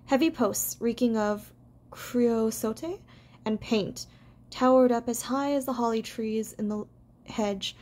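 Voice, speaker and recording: A woman doing amateur audiobook narration, gentle and unpolished, with small stumbles. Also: on the high side.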